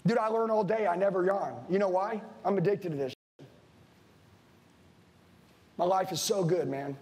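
Intense high-voiced male sales trainer. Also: moderate pace, a little mellow. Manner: intense, preachy, swears casually, addresses the room directly. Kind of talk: motivational seminar speech. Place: room with a live audience.

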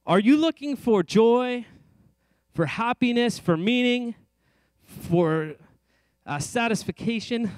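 Man, pastor, high bright voice, smooth and clear, dry close sound, earnest conversational sermon. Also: animated, takes it slowly, pauses often, dry recording. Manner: earnest, conversational preaching with self-deprecating asides. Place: church sanctuary.

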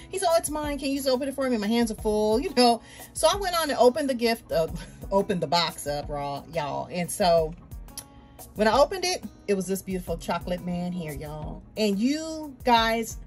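A woman, a doll-collecting vlogger, venting to viewers in a chatty, emphatic casual rant. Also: on the high side. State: tearful, emotional near the end.

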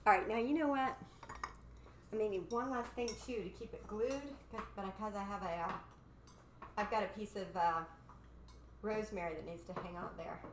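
A woman with a mid-range voice hosts a live home cooking show, chatting playfully and rambling as she cooks and laughing at her own jokes. She speaks at a moderate pace with frequent pauses, and there's a faint hiss or hum on the recording.

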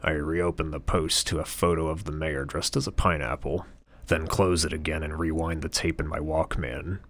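A man narrating an audiobook in the first person, in a measured, cool, detached tone. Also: a bass voice, steady tone.

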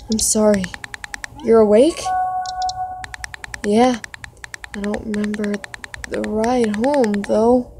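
A woman reading text messages aloud for a reaction video, breaking into dramatic, expressive outbursts. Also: mid-range voice, low-quality recording.

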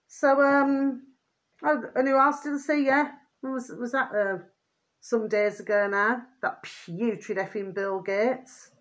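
A woman's voice: fairly high pitch, steady tone, slow pace, fairly bright tone. A woman vlogger talking in a rambling, repetitive way to her viewers, often irritated and venting. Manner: rambling, repeats pet phrases, asks "do you see what I mean". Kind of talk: rambling casual monologue to viewers.

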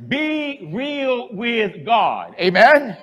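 A male priest delivering a sermon in a high voice that leaps all over the place. He drops to near-whispers and then climbs into fervent shouting, pulling his congregation along. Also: sing-song, drawn-out words, dull audio. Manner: emotional, swings from hushed to shouting.

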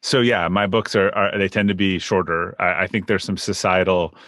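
A man hosting a podcast interview, relaxed and chatty, often repeating words as he starts a sentence. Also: low voice, moderate pace, dry recording, studio quality. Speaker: podcast host. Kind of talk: casual interview conversation.

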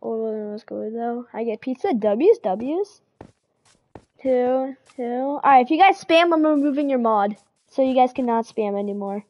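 This woman, a game streamer, talks to her chat in relaxed, repetitive spurts and says hello to each new viewer. Her voice is fairly high with a touch of a cold, and the recording runs a little slow with the highs cut off.

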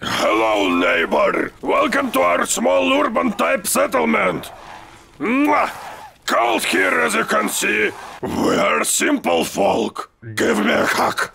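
A man voicing a loud, overfriendly male village head who shouts his welcomes. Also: very high-pitched, big pitch swings, takes it slowly, creaky, slightly rough, full character voice.

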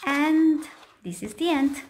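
A woman's voice: sits high, animated, takes it slowly. A woman reading a picture book aloud for children and asking them questions. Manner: gentle storytelling with questions to children.

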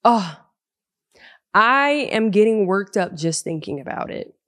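A woman's voice: fairly low pitch, no room sound, studio quality. A young woman hosting her own podcast, talking casually and with animation from her living room and laughing now and then. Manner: chatty and animated, laughs often. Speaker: podcast host. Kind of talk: solo podcast talk. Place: living room of a large loft apartment. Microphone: podcast microphone.

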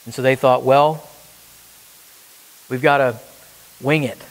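A man's voice: mid-range voice, fairly even intonation, slow. Man preaching in a reverberant church. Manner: emphatic preaching, rhetorical questions to the congregation. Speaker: pastor. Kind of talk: sermon.

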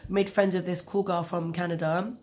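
Young woman with a cold, slightly low voice, rambling storyteller. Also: level tone, fairly quick, a little mellow, a little hiss or hum. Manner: chatty, rambling with asides. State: has a cold, coughing. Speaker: vlogger. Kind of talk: casual storytelling.

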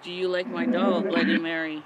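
A woman's voice: fairly low pitch, flat delivery, normal speed. A woman investigating the paranormal for a vlog, nervously asking spirits short questions outdoors in a forest at night. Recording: outdoor traffic noise. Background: passing traffic.

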